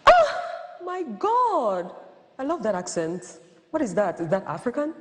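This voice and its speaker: A woman playing a naive, condescending young woman in a satirical video skit, gushing with big pitch swings. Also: wildly swooping pitch, a little slow, long reverb tail, heavy background noise. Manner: gushing, exaggerated swoops of pitch.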